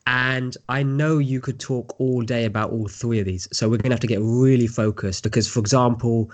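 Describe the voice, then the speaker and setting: A man's voice: mid-range voice, fairly even intonation, moderate pace. A man hosting a casual podcast, steering the guest with structured questions. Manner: structured interviewer, framing questions. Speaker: podcast host.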